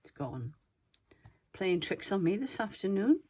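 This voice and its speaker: A woman hosting her own craft channel, chatting casually and thinking aloud as she shows her slow-stitching pages. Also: mid-range voice, sing-song, warm tone, slightly rough. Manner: chatty, rambling, thinks aloud while handling materials.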